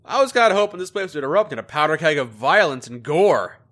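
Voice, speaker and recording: A man narrates his playthrough with dry sarcasm and dark jokes, talking back to the characters. His voice is high and bright, swinging widely in pitch. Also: big pitch swings, fast. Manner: sarcastic, joking, role-playing his character aloud. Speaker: gaming video host. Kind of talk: gameplay commentary.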